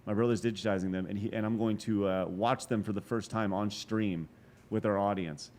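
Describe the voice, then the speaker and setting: A man in his forties telling a long story as a podcast guest, animated and profane, with quick asides and restarts. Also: lowish voice. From Texas. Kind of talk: casual storytelling interview.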